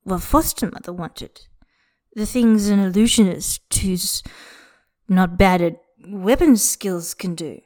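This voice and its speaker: A woman's voice: medium pitch, takes it slowly, dark tone, lightly acted. A woman doing a drunk, sardonic snake spirit. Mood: drunken rant.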